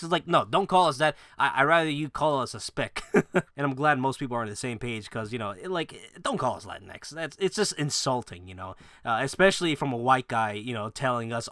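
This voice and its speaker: Man, bright tense voice, casual profane rant, rambling, laughs between points, dry sound. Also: medium pitch, lively intonation, a little fast, no echo. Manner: loose rambling with restarts and fillers. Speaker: gaming video creator. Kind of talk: casual opinion rant to camera.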